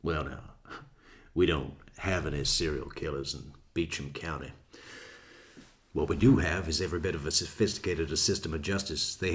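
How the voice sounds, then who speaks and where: Guy putting on a stern old southern judge, slow pompous drawl, voice dropped way low and quiet.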